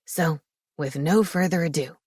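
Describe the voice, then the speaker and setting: A woman's voice: deep voice, unhurried, a little mellow, slightly rough, no room sound, studio quality. Woman doing a proud old pack-leader dad. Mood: formal. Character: proud older male pack leader, father.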